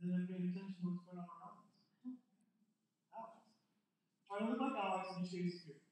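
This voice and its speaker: Older man, pastor, high voice, chatty joking sermon, booming hall echo, mic set back. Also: fairly even intonation, fast, a little mellow. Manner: joking, chatty, draws in the congregation. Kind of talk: conversational sermon. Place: church sanctuary. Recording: very echoey hall, mic at a distance.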